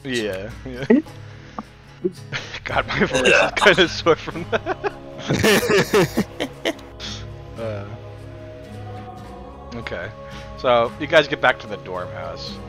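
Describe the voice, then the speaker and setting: A man's voice: medium pitch, very animated, extremely slow, pauses often, over music. A man narrating a tabletop game as game master, rambling with fillers and frequent laughter.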